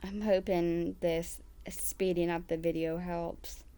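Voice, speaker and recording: A woman's voice: on the low side, little pitch movement, takes it slowly, dark tone, smooth. A woman giving casual reaction commentary on a video, incredulous and rambling, often breaking off mid-sentence. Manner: incredulous, rambling, self-interrupting.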